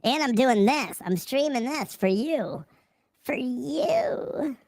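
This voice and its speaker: A woman's voice: sits high, animated, slow pace, creaky, darkish tone. A young woman chatting casually and profanely on a livestream, often laughing and talking to her viewers.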